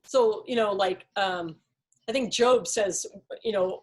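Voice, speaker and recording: A woman's voice: mid-range voice, slow pace. A woman leading a casual Bible study discussion, explaining thoughtfully with examples and many "like"s and "you know"s.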